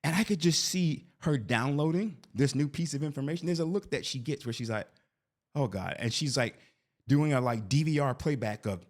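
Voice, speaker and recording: A man's voice: medium pitch, a little mellow. A man in his forties telling a rambling personal story, often tagging lines with "right?". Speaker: vlogger. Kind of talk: casual storytelling.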